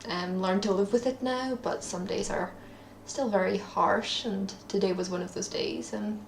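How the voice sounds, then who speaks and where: Young Scottish woman with a gravelly voice. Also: mid-range voice, fairly even intonation, normal speed, echoey room, a little hiss or hum. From Scotland. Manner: rambling and self-deprecating, many ums. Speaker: vlogger. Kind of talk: casual daily video diary. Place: at her parents' home, indoors.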